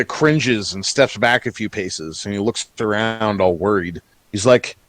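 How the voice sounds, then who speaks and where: A man running a tabletop game as game master, narrating scenes and speaking for the characters in a slow, animated way. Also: lowish voice, no room sound.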